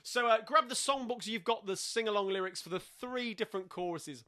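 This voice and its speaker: A man's voice: high voice, brisk, bright, forceful tone. A man with a London Cockney accent hosting a live-streamed sing-along, chatting casually between songs with lots of fillers and restarts.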